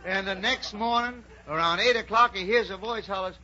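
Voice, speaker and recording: A man's voice: high-pitched, normal speed, few pauses, bright, forceful tone. A man hosting an old radio comedy show, telling folksy jokes and stories in a jovial manner. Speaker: comedy show host and storyteller. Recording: dull lo-fi old radio recording with hum.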